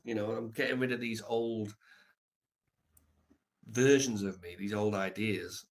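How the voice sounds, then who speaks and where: Man, livestreamer, casual monologue, reflective, loose and rambling, lower pitch. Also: fairly even intonation, measured pace. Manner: reflective, swears casually, many fillers.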